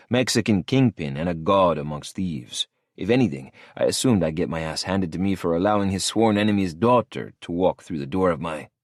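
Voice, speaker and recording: Deep-voiced man narrating a dark audiobook. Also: dry recording, clean studio sound. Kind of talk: first-person audiobook narration.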